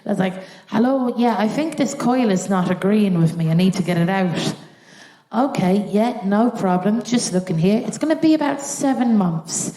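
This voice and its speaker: Irish female comic, live on stage, lively storyteller, roomy hall sound. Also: medium pitch, moderate pace. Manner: animated storytelling with acted-out voices. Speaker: stand-up comedian. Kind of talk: live stand-up set. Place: theatre stage before a live audience.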